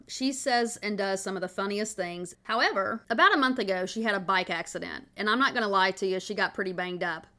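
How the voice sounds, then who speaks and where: A woman's voice: mid-range voice, pushed and bright. A middle-aged woman, hosting a podcast and telling a family story in a chatty, folksy way. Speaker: podcast host.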